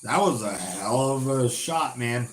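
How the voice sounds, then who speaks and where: This is a man hosting a live football watch-along, narrating passes and shots in loose, everyday talk. He swears freely and shouts at big chances. There's a faint hiss behind his voice. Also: medium pitch, animated, unhurried. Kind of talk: casual live play-by-play commentary.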